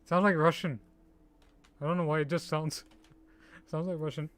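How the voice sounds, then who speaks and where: A man chatting casually on a live stream, haltingly sounding out foreign names and laughing at his own mistakes. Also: a little high, steady tone, fairly bright tone. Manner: halting, tries out names slowly, laughs at himself.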